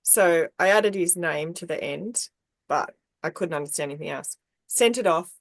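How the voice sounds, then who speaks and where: A woman telling a story on a podcast, animated and acting out the people she quotes. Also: moderate pace, dry recording. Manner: animated, acts out quoted people with big pitch jumps. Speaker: podcast co-host. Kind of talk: casual storytelling.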